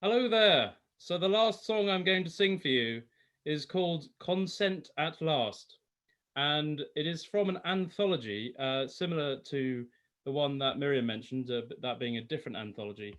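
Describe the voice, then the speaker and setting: A man's voice: a little high, animated, moderate pace, fairly bright tone. A male singer casually introducing a song from home, rambling with lots of fillers and self-corrections. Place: home, lockdown online concert.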